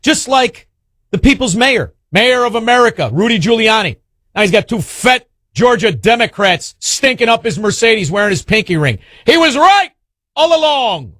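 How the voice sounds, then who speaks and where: Talk host, male, sarcastic ranter, high voice that swings widely, dry close sound. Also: very animated, normal speed, fairly bright tone, no room sound. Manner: sarcastic, mocking, hurls insults. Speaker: radio talk show host. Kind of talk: combative talk radio rant.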